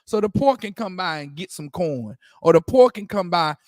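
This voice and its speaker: High-voiced man preaching in casual talk. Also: animated, moderate pace, a little mellow, no echo, clean studio sound. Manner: repeats "you understand?", stammers on restarts, laughs often. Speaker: teacher leading a religious discussion.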